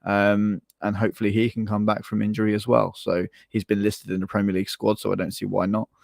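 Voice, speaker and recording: English man, lowish voice, dry close sound, opinionated football chat, stumbling restarts. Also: level tone, fast, vocal fry, dry recording. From England. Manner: opinionated, repeats words when starting sentences. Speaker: podcast co-host. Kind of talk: casual football podcast chat.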